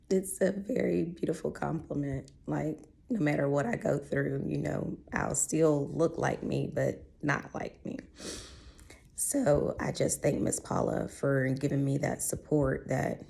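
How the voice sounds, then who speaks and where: A woman speaks low and gravelly, her voice going in and out now and then. She tells a personal story in a heartfelt, chatty way, with a dark, mellow tone. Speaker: vlogger. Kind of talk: personal health vlog.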